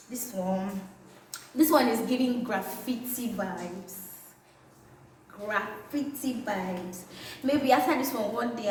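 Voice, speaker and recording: A young woman with a Nigerian accent, chatting playfully and excitedly in a casual vlog. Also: on the high side, a little hiss or hum. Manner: playful and excitable, drawn-out catchphrases. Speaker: vlogger. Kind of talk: casual vlog showing items to camera. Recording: very echoey room, slightly distant mic.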